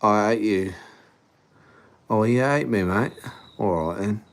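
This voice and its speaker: A man's voice: fairly low pitch, slow. A man voicing a jokey mock-posh Englishman in a put-on English accent, exaggerated and sing-song. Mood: mock-polite. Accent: fake English, put on by an Australian.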